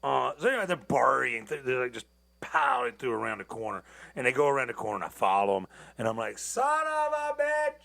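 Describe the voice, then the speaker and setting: A man's voice: mid-range voice, fast talker, gravelly, bright, forceful tone. A tired man hosting a podcast, ranting in a loose, rambling monologue full of profanity and restarts. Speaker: podcast host.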